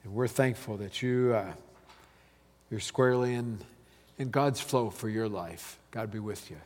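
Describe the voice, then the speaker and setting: Pastor in a reverberant sanctuary. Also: male voice, fairly low pitch, measured pace, darkish tone. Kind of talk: sermon.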